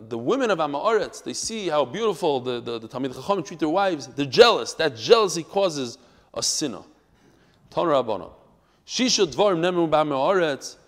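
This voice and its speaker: A man leads a live group through a daily Talmud lesson, speaking with animation and emphasis while telling stories and weaving Hebrew and Yiddish terms into his English. His voice sits a little high, and the recording has a long reverb tail.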